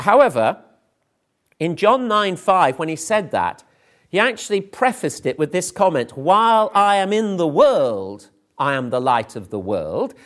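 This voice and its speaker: Earnest man preaching a sermon. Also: a little high. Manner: earnest expository preaching with frequent restarts.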